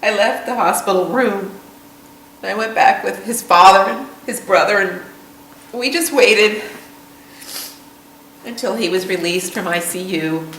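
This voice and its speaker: A woman's voice: medium pitch, a bit bright, a little hiss or hum. Somber middle-aged woman, roomy and distant. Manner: somber, halting personal storytelling. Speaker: mother of a veteran, interviewee. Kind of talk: documentary interview testimony.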